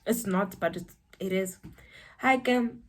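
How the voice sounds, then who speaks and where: A young South African woman telling a personal story to camera, animated and breaking into high exclamations. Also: unhurried. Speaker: vlogger.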